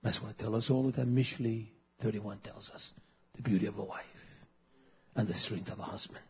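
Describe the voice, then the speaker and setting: A man in his fifties preaching a sermon, swinging between loud fervent passages and soft, intimate asides. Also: lowish voice, fairly even intonation, fairly quick, breathy edge, highs cut off.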